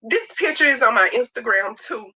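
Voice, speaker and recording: Middle-aged woman, bright forceful voice, heartfelt storytelling, muffled clip audio. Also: fairly high pitch, animated, husky. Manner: emphatic, rapid, heartfelt. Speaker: reality show cast member. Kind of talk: emotional personal storytelling.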